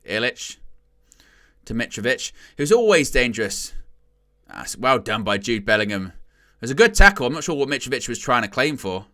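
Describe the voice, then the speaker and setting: Bright-voiced man commentating a match. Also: medium pitch, moderate pace. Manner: chatty, wry, bursts into loud excitement at chances. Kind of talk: casual live match commentary.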